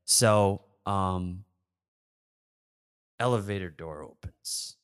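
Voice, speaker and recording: A man's voice: deep voice, extremely slow, a bit bright, smooth. A young man from Michigan co-hosting a podcast, telling a story in casual chat and acting out quotes with bursts of laughter. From Michigan, USA. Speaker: podcast co-host.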